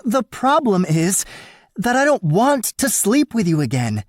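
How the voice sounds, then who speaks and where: A man's voice: high voice, big pitch swings, a little slow, dry recording, clean studio sound, voice pushed up, heavily acted. A male narrator voicing a flustered, defiant young woman in an audiobook, with strained, defensive replies.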